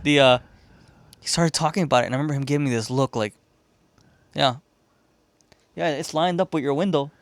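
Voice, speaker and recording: A man on a podcast spins a chaotic tale in casual, profane chat. His voice sits a bit high, recorded close and dry. He breaks into laughter often and acts out everyone in the story himself. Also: fairly quick, pauses often, no echo. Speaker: podcast co-host. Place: podcast studio room.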